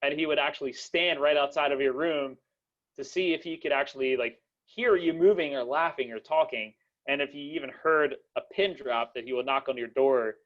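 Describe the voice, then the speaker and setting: A man's voice: medium pitch, a little fast. A young man hosts a casual podcast chat, rambling through stories with lots of fillers and restarts. His voice sits in a middling register. The sound is dull and lo-fi. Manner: rambling, many fillers and restarts, laughs often. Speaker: podcast host.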